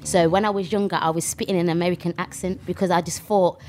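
Young woman rapper with a Birmingham accent, deep voice, chatty and animated, slight room noise. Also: quick pace. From England. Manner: animated, with fillers and restarts. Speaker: rapper, guest. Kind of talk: casual interview chat.

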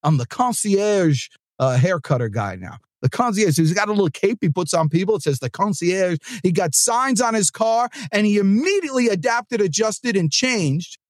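A man hosting a sales podcast, giving an energetic, joking pep-talk monologue into a close mic. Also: high-pitched, normal speed, hardly any pauses, no room sound.

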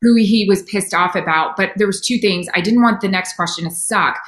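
Middle-aged woman, sideline reporter, animated casual interviewee, quick restarts, roomy echo. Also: medium pitch. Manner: animated, self-deprecating, quick bursts with restarts.

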